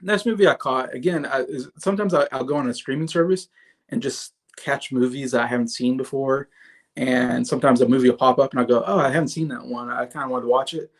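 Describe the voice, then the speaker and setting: A man's voice: medium pitch, fairly even intonation, quick pace. Rambling man reviewing movies on a livestream. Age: 30s. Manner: rambling, with many fillers and restarts; chats with viewers in the comments.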